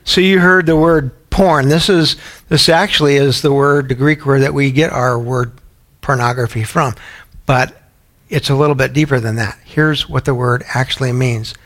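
A man's voice: medium pitch, steady tone, normal speed, a bit bright. A man teaching a Bible study in a sermon style, often putting questions to his listeners. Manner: asks the audience questions often.

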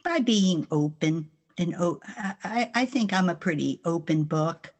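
An older woman with a New Jersey accent speaks slowly and deliberately in a somewhat low voice. She is a guest in a faith interview, telling earnest stories from her life with an occasional laugh. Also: animated, a little mellow. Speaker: guest author.

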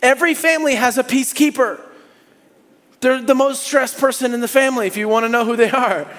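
Male pastor, high voice, animated sermon delivery, echoing sanctuary. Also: brisk. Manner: animated, swings from hushed to loud and high when acting out people. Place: church sanctuary. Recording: long hall reverb.

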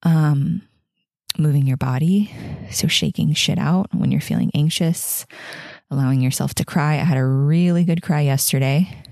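A woman's voice: low-pitched, moderate pace, mellow, no room sound, studio quality. A pregnant woman in her thirties hosting a podcast, talking candidly and casually about her week, with frequent laughs and restarts. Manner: candid, chatty, laughs often, many fillers and restarts. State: heavily pregnant. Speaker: podcast host. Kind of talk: casual personal reflection.

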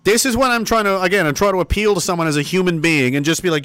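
A man commenting sarcastically on news headlines in a casual, animated way. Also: high voice, fast, clear, resonant tone, no echo. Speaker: commentary streamer.

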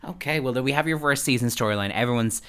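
Bright, bubbly male podcast host. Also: medium pitch, fast talker, clean tone. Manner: bubbly and gossipy, acts out quotes, laughs often. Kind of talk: casual chat, interviewing.

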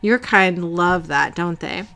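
A woman's voice: lowish voice, slow pace, vocal fry, bright, forceful tone, heavily acted. A woman voicing an intense young male hunter, reading his accusing lines earnestly while retelling a story.

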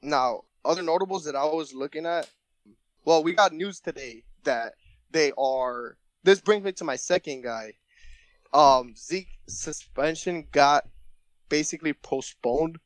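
A man's voice: on the high side, measured pace, dry recording. A young man co-hosting a podcast, chatting casually and jokingly, often repeating his words. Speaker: podcast co-host. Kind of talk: casual sports chat.

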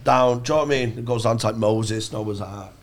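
A man's voice: fairly low pitch, a little fast. A man, co-hosting a podcast, telling a rambling comic story full of swearing and acted-out voices. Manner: sweary, animated, acts out voices. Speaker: podcast co-host.

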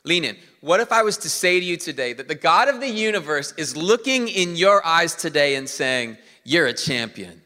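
A man preaching a sermon as pastor, animated and drawing the congregation in. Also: on the high side, normal speed, few pauses, in a large hall.

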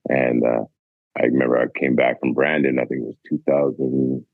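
Brief: Canadian man, 40s, very low husky voice, rambling laid-back storyteller, thin phone-like sound. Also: flat delivery, normal speed, dry recording. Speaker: guest, former basketball player. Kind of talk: casual storytelling. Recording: dry, phone-like narrow sound.

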